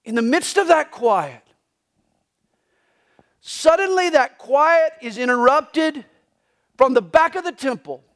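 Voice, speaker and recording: A pastor preaching a live Sunday sermon in a church, telling the story dramatically and swinging between hushed and loud passages. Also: male voice, very high voice. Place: church sanctuary during a live Sunday service.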